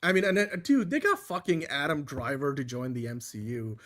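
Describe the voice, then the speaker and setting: A man's voice: mid-range voice, lively intonation, brisk, a loud crowd. A man co-hosting a pop-culture podcast, chatting loosely and casually with lots of filler. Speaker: podcast co-host. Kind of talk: casual chat.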